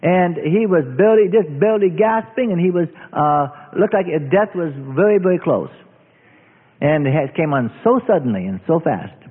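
A middle-aged man preaching a testimony sermon, earnest storytelling that drops low and hushed at tense moments. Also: lively intonation, normal speed, slightly rough. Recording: tinny lo-fi recording in a reverberant hall.

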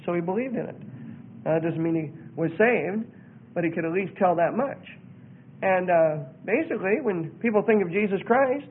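A man with a fairly high voice delivers an earnest radio teaching, reading passages aloud and then picking them apart. The sound is narrow and tinny, like it came through a phone line. He talks in a steady preaching style. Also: husky. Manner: earnest, reads out and comments, acts out quoted voices.

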